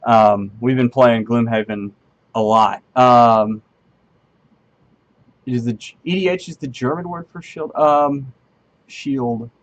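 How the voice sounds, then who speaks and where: A game engineer streams live coding in a medium-pitched voice, taking it slowly with long pauses over lo-fi sound. He thinks aloud as he programs, rambling in a friendly, self-deprecating way, full of ums and half-finished sentences as he reads and answers his chat.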